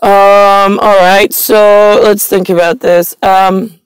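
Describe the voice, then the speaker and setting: A woman's voice: medium pitch, level tone, takes it slowly, clean tone, dry recording, rough recording. A woman talking to her viewers in a meandering, stream-of-consciousness monologue full of ums and restarts. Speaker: vlogger. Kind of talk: rambling monologue to camera.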